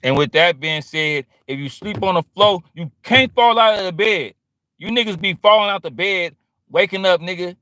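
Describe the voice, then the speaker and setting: This vlogger has a high-pitched, sharp-toned voice at normal speed, recorded with no echo. He rambles through a casual monologue full of street slang, drifting again and again into quoting others.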